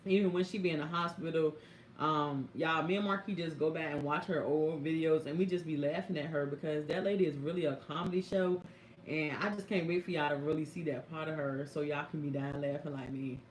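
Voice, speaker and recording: A young woman caregiver telling stories on a live stream, speaking AAVE and talking to viewers in a lively, chatty way. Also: deep voice, a little fast, slight background noise. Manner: animated, chatty, addresses viewers as y'all and baby. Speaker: caregiver vlogger. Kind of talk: casual live-stream storytelling. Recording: echoey room.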